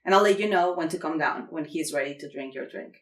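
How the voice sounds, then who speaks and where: A woman's voice: low voice, quick pace. A woman from Mexico, a native Spanish speaker with a Mexican Spanish accent, tells a comedic story as a podcast guest, acting out quotes with squeals and laughter. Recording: roomy echo.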